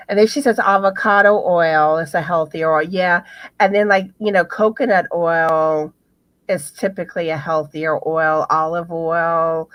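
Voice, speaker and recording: Woman co-host, slow rambling casual chat, dry close sound, lots of fillers. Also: on the low side, a bit bright, dry recording. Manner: rambling, many fillers and restarts. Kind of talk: casual chat on a live stream.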